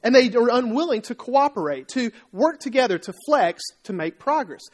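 A man delivering a sermon in an animated, conversational style. He tells everyday stories and briefly plays the people in them, then turns to ask his listeners questions. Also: very high voice, moderate pace. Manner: animated storytelling, acting out quoted voices; conversational, asks the congregation questions. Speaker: pastor.

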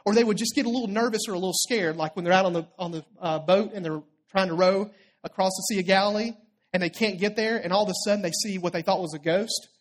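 A preacher retells a story in a loose, conversational sermon, checking in with the listeners as the story goes. The delivery rises for emphasis and then drops low and quiet for quoted words. The voice sits at a middle pitch.

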